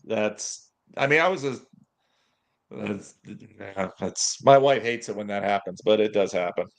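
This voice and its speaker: A man who works as a pastor, chatting casually on a livestream in a reflective, halting way with many restarts. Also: on the low side, vocal fry.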